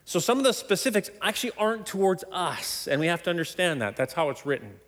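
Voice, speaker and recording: A man preaching a sermon, emphatic and animated, often laughing between points. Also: fast. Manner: animated, emphatic preaching with sudden loud high stresses. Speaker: pastor. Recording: long hall reverb.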